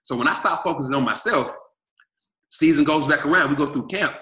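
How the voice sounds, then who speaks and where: A man in his thirties from Arkansas, telling his life story in an energetic, emphatic way and acting out what he and others said. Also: a little high, fairly quick, echoey room. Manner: energetic, repetitive and emphatic, quotes himself and others. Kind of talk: animated storytelling.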